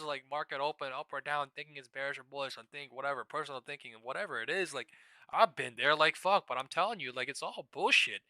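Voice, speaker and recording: A man hosting a live trading stream, ranting fast and emphatically with heavy profanity. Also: fairly high pitch, pushed and bright, dry recording.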